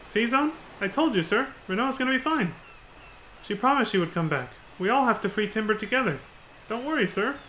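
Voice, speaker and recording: An earnest young sidekick, eager and polite, answers in a high, bright voice, as a man reads his game lines. A faint hiss sits under him. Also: expressive, a little fast. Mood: reassuring. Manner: earnest, tags sentences with "sir".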